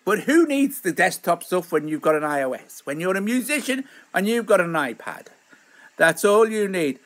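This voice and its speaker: A man's voice: high-pitched, sing-song, normal speed, fairly bright tone. A man hosting a casual live stream from home, rambling and chatty as he greets viewers by name.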